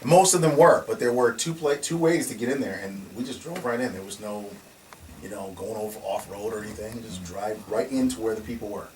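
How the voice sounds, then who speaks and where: This security company founder speaks on the low side and fairly quickly, recounting stories in a lively, laughing way while restarting sentences and acting out what others said. The recording comes from a distant mic with faint noise.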